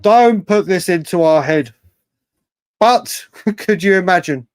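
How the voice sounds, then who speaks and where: A man's voice: sits high, takes it slowly, no room sound. A man hosting a live fan stream, chatting through viewer comments with a lot of repetition and the odd swear word. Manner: animated, swears, repeats himself often. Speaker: host of a live fan show.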